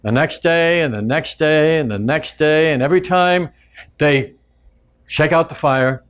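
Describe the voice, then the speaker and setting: A man telling a traditional tale to a live audience in a relaxed, conversational way with frequent asides. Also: a little high, unhurried, clean tone. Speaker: storyteller and teacher. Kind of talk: oral storytelling to a live audience.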